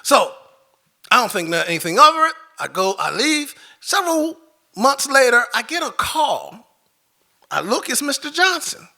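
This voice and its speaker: A man telling a personal story live on stage into a microphone, animated, swinging from loud outbursts to hushed moments. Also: very high-pitched, measured pace, vocal fry. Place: stage before an audience.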